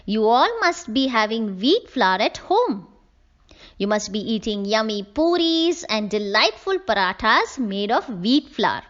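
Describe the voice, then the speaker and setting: A woman teacher, slowly explaining a textbook lesson to young children and spelling out words letter by letter. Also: on the high side, big pitch swings, fairly bright tone, lo-fi sound. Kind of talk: classroom lesson reading from a textbook.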